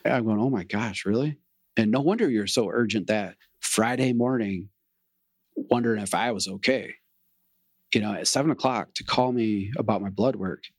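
Earnest middle-aged man, low dry voice. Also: moderate pace, no echo. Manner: earnest, animated storyteller who acts out dialogue. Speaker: program member sharing his story. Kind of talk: personal testimonial.

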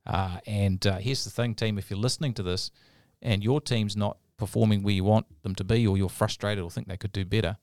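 A man's voice: lowish voice, steady tone, a little fast, few pauses, a little mellow, no room sound, clean studio sound. A man co-hosting a podcast, telling a story in a rambling, casual way with many fillers. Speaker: podcast co-host.

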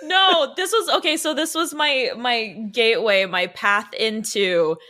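A woman's voice: fairly high pitch, measured pace, sharp tone. A young woman, a comedian guest, chatting casually with lots of fillers. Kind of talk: casual podcast chat.

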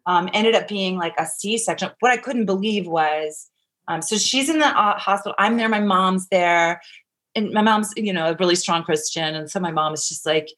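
Woman, casual storytelling, animated, sudden loud bursts, soft hushed stretches. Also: fairly low pitch, normal speed. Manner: animated, swings between loud excitement and hushed tones. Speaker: guest.

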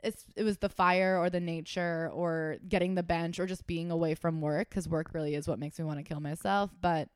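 A young woman co-hosting a podcast, telling an animated story with swearing and acted-out dialogue. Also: fairly low pitch, a little fast, few pauses, clean tone, dry recording, clean studio sound. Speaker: podcast co-host. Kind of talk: casual chat.

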